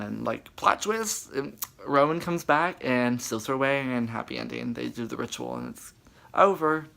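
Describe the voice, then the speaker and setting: A man's voice: mid-range voice, moderate pace, gravelly, a bit bright. A young man chatting dramatically about a book in a casual reading vlog, full of fillers. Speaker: book vlogger.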